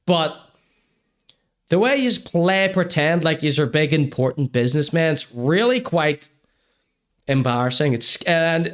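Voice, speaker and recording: A man with a voice pitched a bit above the usual male range rants crudely and with mock seriousness on a live-streamed comedy show. He swings into over-the-top apologies and then carries on reading out the chat. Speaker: podcast host.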